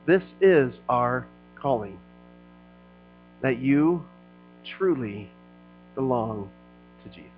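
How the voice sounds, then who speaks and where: A middle-aged man preaching a sermon as a pastor, talking to the crowd like friends and swelling into loud passionate stretches. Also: medium pitch, lively intonation, takes it slowly, pauses often, phone-quality sound, faint music behind. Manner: conversational preaching, rising to loud passionate peaks.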